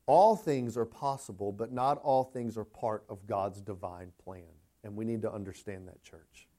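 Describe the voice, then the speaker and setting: A male pastor preaching a sermon, swinging between hushed, tender passages and impassioned climbs. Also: on the low side, moderate pace.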